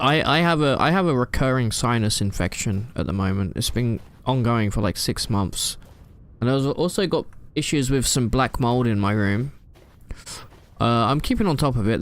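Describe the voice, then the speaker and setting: A man chatting casually while streaming a game live from his room at home, rambling and answering chat with plenty of fillers. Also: mid-range voice.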